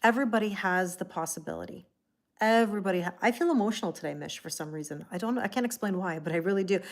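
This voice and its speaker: A woman's voice: medium pitch, quick pace. A woman hosts a casual livestream tarot reading in an ordinary mid-range voice. She rambles and chats with viewers by name. Her talk is full of "like" and restarts. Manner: heavy use of "like" and restarts. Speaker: tarot reader.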